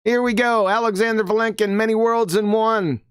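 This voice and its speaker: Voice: mid-range voice, fairly even intonation, normal speed, clean tone, no room sound, clean studio sound. A live-show host giving combative commentary, emphatic and mocking, often tagging lines with "right?". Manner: emphatic, keeps asking "right?". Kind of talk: live-stream commentary reading quotes.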